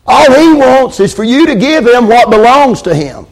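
A preacher with a fairly high voice delivers his sermon. He calls for amens and repeats his lines for emphasis. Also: very animated, brisk, few pauses.

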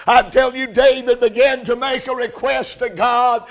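High-voiced shouting preacher. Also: male voice, fairly even intonation, normal speed, hardly any pauses. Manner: impassioned shouting preacher, rising to cries. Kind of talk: revival sermon.

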